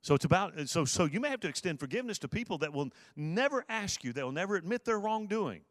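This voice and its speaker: A man's voice: high-pitched, big pitch swings, fast talker, no room sound, studio quality. A man preaching a sermon, earnest, repeating his key phrases for emphasis. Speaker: pastor.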